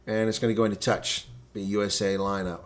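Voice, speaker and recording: A man giving live reaction play-by-play commentary of a rugby match for his stream, shifting from calm calling to loud outbursts and answering viewers in chat. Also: fairly low pitch, a little fast. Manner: excitable, swings from calm calling to loud outrage; talks to chat viewers between plays.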